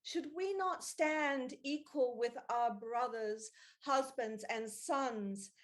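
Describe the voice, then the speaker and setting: A woman's voice: on the high side, takes it slowly. A woman improvising as a bold suffragette lady, declaiming in mock-Shakespearean speech. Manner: declamatory, old-fashioned speech with thee and thou. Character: bold young suffragette lady, earnest and rousing. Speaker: improv stage actor.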